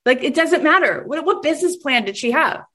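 Excitable woman coach, bright pitch. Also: a little fast. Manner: enthusiastic, acts out quoted voices. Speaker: podcast host and business coach. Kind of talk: energetic coaching talk.

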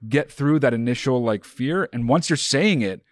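A man's voice: mid-range voice, lively intonation, moderate pace, dry recording, studio quality. A man co-hosting a casual podcast, giving earnest advice and teasing his co-host.

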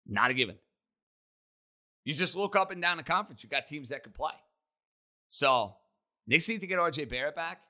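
A man hosting a sports talk show, holding forth on the week's games. His voice is very bright and a touch high for a man. He fires off emphatic, punchy opinions. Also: animated. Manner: emphatic, rapid-fire opinions. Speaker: sports radio host.

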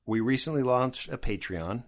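A man's voice: mid-range voice, expressive, normal speed. A man co-hosting a podcast in casual chat, enthusiastic and rambling with frequent restarts. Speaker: podcast co-host.

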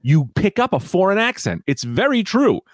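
A man riffing on a casual comedy podcast, his pitch swooping wildly from low to high as he rambles. The sound is dry and close, with no room around it. He keeps dropping into exaggerated voices for his bits. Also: very animated, moderate pace, no room sound. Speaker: podcast co-host.

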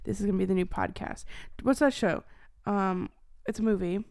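A woman's voice: mid-range voice, normal speed, a little mellow. Woman podcast host just chatting, swears a lot, goes whispery for bits. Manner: chatty, swears freely, drops to whispers for jokes. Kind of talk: casual chat.

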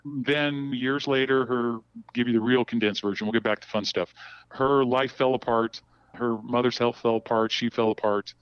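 A man's voice: mid-range voice, steady tone, normal speed, smooth, no room sound. A middle-aged man telling long personal stories as a podcast guest, rambling with many restarts. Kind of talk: casual storytelling. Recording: dull, dry, lo-fi sound.

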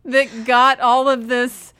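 A woman's voice: sits high, flat delivery, slow, a bit bright, smooth, no room sound. A woman co-hosting a podcast with dry, teasing remarks in casual chat. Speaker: podcast co-host. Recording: audible clicks and noise.

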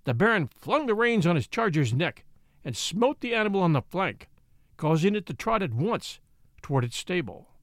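A male narrator tells a historical story in a theatrical, expressive way. His voice sits fairly high and moves around a lot. The sound is dry and close. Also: normal speed, no room sound. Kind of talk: dramatic audiobook narration.

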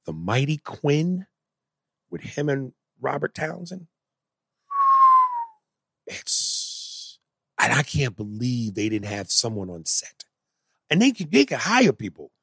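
A man in casual conversation, animated and profane, jumping into loud excited bursts. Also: mid-range voice, slow pace, vocal fry, long pauses, breathy edge, no echo. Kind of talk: casual chat.

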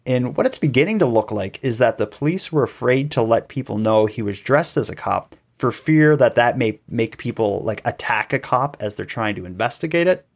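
A man's voice: normal speed, hardly any pauses. A man, a podcast guest in an interview, telling events at length and acting out quoted voices. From Canada. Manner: animated storytelling, acting out quoted calls with rising pitch. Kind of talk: conversational interview.

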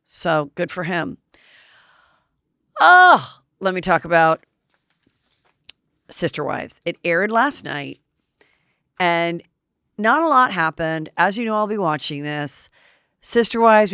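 Female host with a low voice; casual, filler-heavy gossip, blunt and profane. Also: animated, slow, pauses often, fairly bright tone, no echo, clean studio sound. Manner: chatty, filler-heavy, blunt, swears freely.

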